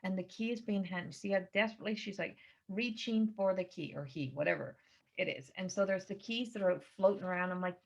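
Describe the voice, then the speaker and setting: A woman's voice: medium pitch, fairly quick, vocal fry. A woman giving a channeled astrology reading at home, talking in an earnest, rambling and emphatic way. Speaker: psychic reader. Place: indoors at home by a window. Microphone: computer camera mic. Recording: slightly dull lo-fi recording.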